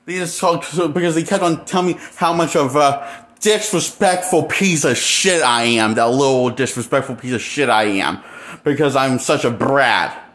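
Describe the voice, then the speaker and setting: A man talking alone to camera in an unscripted monologue, halting and bitter, trailing off into pauses and then bursting out. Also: medium pitch, fairly bright tone. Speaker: vlogger.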